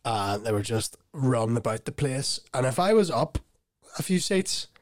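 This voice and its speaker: A young man rambles through a story on a podcast, laughing often and losing his thread. His voice sits in a middle pitch, and the sound is close and dry, with no room around it. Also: expressive, normal speed, dry recording. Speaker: podcast co-host. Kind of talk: casual chat.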